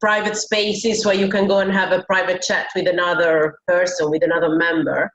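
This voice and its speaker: A woman's voice: on the low side, little pitch movement, normal speed, a bit bright, dull audio, a little hiss or hum. Woman in an echoey room. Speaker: webinar attendee. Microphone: video call.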